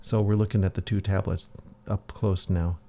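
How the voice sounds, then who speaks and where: A man casually reading his own comic aloud, halting often and adding soft asides. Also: low-pitched, little pitch movement, vocal fry.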